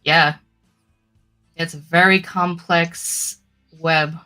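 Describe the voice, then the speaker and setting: A woman's voice: fairly low pitch, steady tone, drawn-out words, sharp tone, clean tone, faint music behind. A woman co-hosting a casual talk show who laughs often while reading viewer comments aloud. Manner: giggly, reads chat comments aloud. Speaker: co-host. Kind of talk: casual chat.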